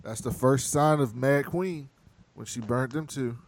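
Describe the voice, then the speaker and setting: A man hosting a casual podcast, recapping scenes and acting out the characters' lines in quick voices, laughing often. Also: mid-range voice, no room sound. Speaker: podcast host recapping a TV show. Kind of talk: casual chat.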